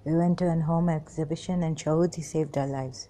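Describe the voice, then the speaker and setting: A woman recounting memories in a halting personal monologue, pausing often, apologizing and trailing off. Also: deep voice, fairly even intonation, dark tone. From Pakistan. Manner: hesitant, many pauses and apologies, trails off.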